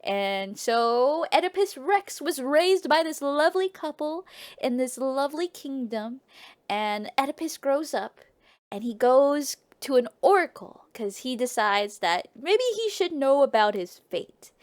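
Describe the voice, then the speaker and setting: A woman's voice: sits high, expressive, a little slow. A young woman streamer casually retelling an old tale to her live chat, playful and profane, often trailing off and restarting. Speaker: streamer and storyteller.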